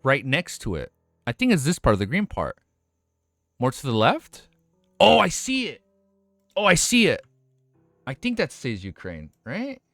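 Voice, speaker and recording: A young American man reacting to a webnovel on stream, excitable and swearing often, laughing as he talks. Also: mid-range voice, measured pace, pauses often, no echo, studio quality, soft background music. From United States. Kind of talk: casual reaction commentary.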